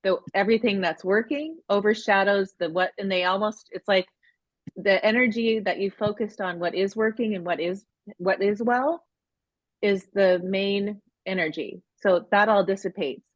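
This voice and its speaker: A woman's voice: mid-range voice, normal speed, dry recording. A woman in her forties co-hosting a parenting course on a video call, talking in a heartfelt, rambling way with many restarts. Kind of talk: emotional casual talk on a live video course. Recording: dull lo-fi sound.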